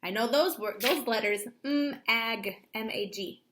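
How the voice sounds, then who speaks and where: A woman teacher with a bright, fairly high voice, speaking to young children. She talks slowly and stretches words apart syllable by syllable as she sounds them out. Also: a little hiss or hum. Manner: slow, clearly stretched-out word sounding. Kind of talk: children's distance-learning lesson.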